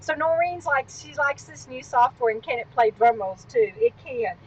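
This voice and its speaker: Sitting on a swivel stool at home, a woman hosts a casual live stream, talking in a meandering way with frequent tangents. She sounds high-pitched and animated at a moderate pace, and the poor audio carries a little hiss or hum.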